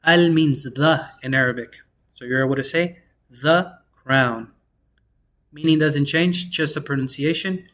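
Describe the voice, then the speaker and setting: Young male teacher, casual and relaxed, voice a touch high, spells out sounds slowly. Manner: relaxed, slangy, slows down to sound out words. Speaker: Arabic teacher. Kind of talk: casual online class.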